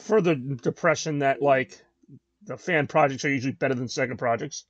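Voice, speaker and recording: A man's voice: mid-range voice, a little fast, no room sound, lo-fi sound. A man hosting a gaming video, giving casual, wry let's-play commentary and talking to his viewers. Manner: chatty, wry, addresses viewers.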